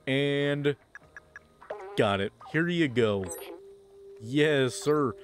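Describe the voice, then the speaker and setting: A man's voice: mid-range voice, very slow, long pauses. A man giving playful, slangy commentary while playing a video game, with game music behind. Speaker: gameplay commentator. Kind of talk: casual gameplay commentary.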